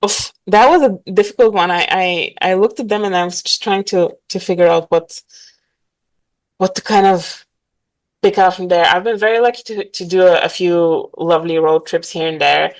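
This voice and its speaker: A woman's voice: fairly low pitch, normal speed, low-quality recording. A woman from Bulgaria, a guest in a casual interview, talking animatedly with many fillers and frequent laughs.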